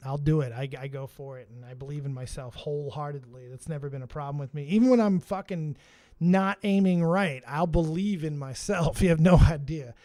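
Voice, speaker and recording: Excitable high-voiced man streaming live. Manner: excitable, shouts names from chat, swears. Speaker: streamer and show host.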